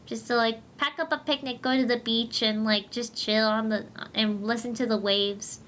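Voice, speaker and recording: A woman's voice: a little high, steady tone, moderate pace, a bit bright, slight background noise. A young woman hosting a livestream, chatting casually and gushing with giggles while she reads comics. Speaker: livestream host.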